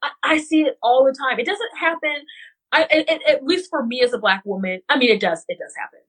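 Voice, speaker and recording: Husky woman from Missouri, animated storyteller. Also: sits high, brisk, low-quality recording. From West Central Missouri, US. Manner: animated, storytelling with many fillers and restarts. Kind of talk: casual conversational podcast.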